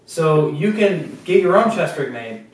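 Easygoing man, slightly higher voice, echoey room. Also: very animated, a little slow. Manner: easygoing, short agreeing remarks. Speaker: co-host. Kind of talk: casual group chat. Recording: echoey room, mic at a distance.

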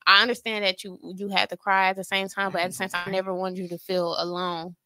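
A woman's voice: mid-range voice, flat delivery, fast talker, pushed and bright, dry recording. A woman co-hosting a podcast, earnest and reassuring in a casual heartfelt conversation. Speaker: podcast co-host.

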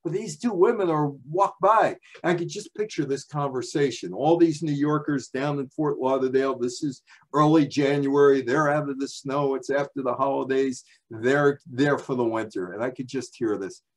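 A New York-area man, probably in his sixties, speaks at a moderate pace in a mid-range voice. His library talk with slides is a chatty storytelling presentation, full of asides and rhetorical questions.

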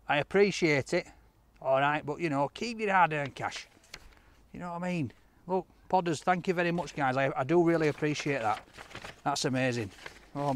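A man, chatting excitedly to camera while he opens fan mail in a park, laughing often. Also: fairly high pitch. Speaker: food reviewer opening fan mail. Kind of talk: casual vlog chat to camera. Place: outdoors in a park.

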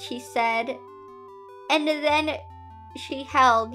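High, bright-voiced woman reading aloud. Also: drawn-out words, faint music behind. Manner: incredulous, laughing asides between read lines. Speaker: host reading fan fiction aloud. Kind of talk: reading a story aloud with commentary.

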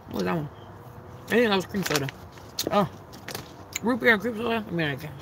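A woman's voice: medium pitch, lively intonation, a little fast, vocal fry, noisy background. A young woman chatting casually on a livestream, answering her chat in a blunt, profane, giggly way.

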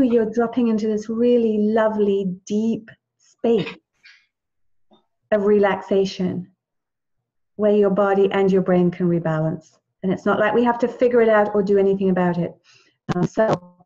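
A woman's voice: medium pitch, warm tone. A woman leads a wellness class over a dull, lo-fi line. She talks in a chatty, encouraging way and often breaks off mid-sentence to start again. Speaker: wellness teacher. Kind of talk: live group class over video call.

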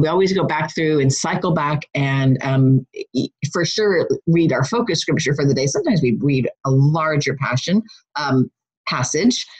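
A chatty woman leads a Bible study. She talks casually and keeps breaking off to correct herself. Her voice is a little husky, and she has a runny nose. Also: low voice, poor audio. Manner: chatty, self-interrupting, laughs at herself. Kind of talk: casual recorded Bible lesson.

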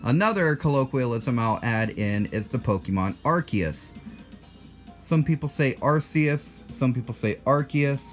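Soft music plays behind this American-accented channel host, a man in his twenties from the United States, whose mid-range voice is sing-song at normal speed. He chats casually on his video, sounding blunt and defensive and fixing his own statements in asides.

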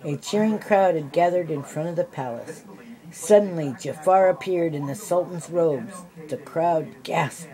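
An older woman reading a children's storybook aloud, adding gentle asides for the listening kids. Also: low voice, a little slow, poor audio. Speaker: storybook reader.

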